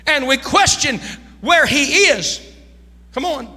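A man preaching a sermon from the pulpit, swinging between quiet asides and loud, sung shouts. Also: extremely high pitch, animated, long reverb tail. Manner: preaching with rising shouts and sung, drawn-out lines. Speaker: pastor. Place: church sanctuary.

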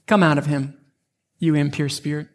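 A man doing a calm, commanding Jesus. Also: moderate pace, close to an everyday voice. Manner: calm, low, steady.

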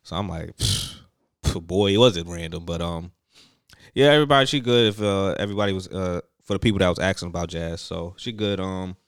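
Low-voiced man telling a loose story. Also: fast, clear, resonant tone, no echo, studio quality. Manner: loose storytelling full of slang and fillers. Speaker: podcast host. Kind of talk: casual chat.

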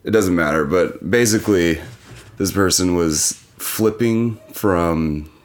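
A man's voice: sits low, slow pace. A man, a podcast guest, musing casually in a rambling way with lots of "like" fillers.

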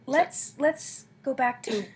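A woman's voice: high-pitched, slow pace. A young woman co-hosting a podcast, chatting casually over wine in a jokey, teasing way. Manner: jokey, teasing, laughs often. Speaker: podcast co-host.

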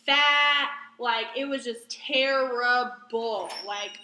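A woman co-hosting a podcast, telling a story in casual chat with heavy swearing. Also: high voice. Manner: heavy swearing, fast and animated. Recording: echoey room.

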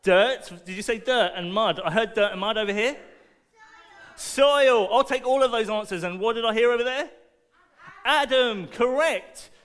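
A high-pitched man with a smooth, clear voice preaches to a young audience. He is animated and playful, firing questions at the listeners and sounding upbeat. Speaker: preacher at a children's church talk. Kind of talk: lively sermon to children with object lessons.

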